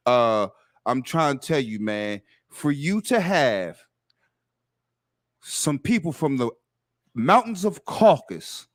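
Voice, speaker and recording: A man's voice: medium pitch, animated, a little slow. Heated, profane man ranting. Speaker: podcast co-host. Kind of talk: casual podcast chat.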